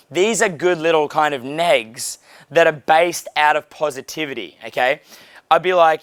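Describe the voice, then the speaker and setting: A man's voice: on the high side, normal speed, a bit bright, dry recording. A young man coaching a small group in a casual way, blunt and profane, with frequent fillers. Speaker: dating coach.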